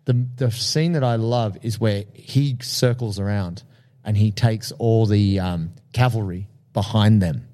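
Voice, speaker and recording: A man chatting casually about favourite films, animated, swearing freely and acting out lines from the movies. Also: fairly low pitch, measured pace. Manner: animated, swearing, acts out film quotes.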